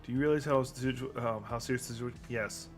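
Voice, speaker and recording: A paranoid, half-mad inventor from a role-playing game, talking in jittery bursts, as a man plays him. He lurches from hushed secrecy into ranting. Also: medium pitch, steady tone, a little fast, soft background music, natural voice.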